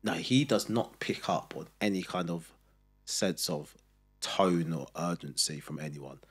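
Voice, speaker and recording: A man in his thirties co-hosting a podcast, chatting casually and telling animated stories about his children, acting out their voices as he goes. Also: low-pitched, a little slow, breathy edge, soft background music. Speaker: podcast co-host. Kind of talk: casual chat.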